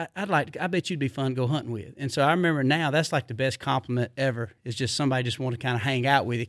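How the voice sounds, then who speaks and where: A man's voice: medium pitch, no room sound. Man, middle-aged, casual rambling storyteller, dry close sound. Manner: rambling, animated, drawling Southern speech with repeated fillers. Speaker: podcast guest.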